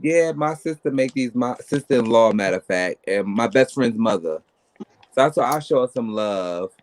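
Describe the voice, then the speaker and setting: A man in casual podcast chat, boastful and animated as he tells stories. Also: mid-range voice, normal speed.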